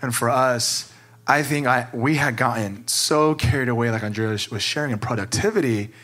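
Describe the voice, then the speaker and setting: At a normal pace and in a mid-range, fairly bright voice, a male pastor shares his thoughts candidly and with feeling. The talk is earnest and peppered with "like."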